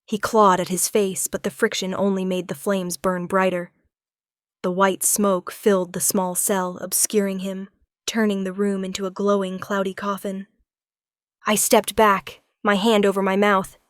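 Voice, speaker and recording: A woman's voice: mid-range voice, little pitch movement, measured pace, smooth, dry recording. A woman narrating a suspenseful first-person audiobook. Her voice sits in a middle range and the sound is dry and close. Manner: tense first-person storytelling.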